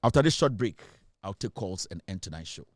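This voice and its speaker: A man with a Ghanaian English accent hosting a political call-in show, speaking in a forceful, accusing way. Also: low-pitched, animated, fairly quick, very noisy. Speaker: talk show host.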